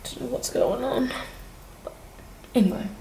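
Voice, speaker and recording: A woman's voice: sits high, normal speed, creaky, warm tone, husky. A young adult woman working as an au pair, talking in a rambling, chatty and heartfelt way in a casual vlog from indoors at home. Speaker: au pair vlogger.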